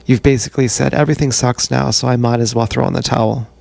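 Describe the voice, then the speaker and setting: A man's voice: medium pitch, steady tone, fast talker, creaky, a little mellow. A man live-streaming a rambling, profane monologue that sounds like he is talking to himself, recorded on an action camera mic. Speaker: vlogger.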